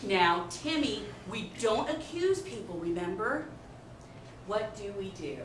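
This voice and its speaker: A woman's voice: mid-range voice, expressive, background noise, pitched below the performer's own voice. Woman playing a sing-song preschool teacher. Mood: coaxing. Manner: slow, soothing, sing-song coaxing. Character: patient female preschool teacher, coaxing. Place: comedy theater stage. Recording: echoey stage from a distance.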